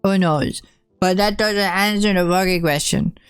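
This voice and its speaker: A woman's voice: mid-range voice, unhurried, clean tone, no room sound, soft background music. A young woman streamer chatting casually on a live stream, blunt and teasing, swearing often.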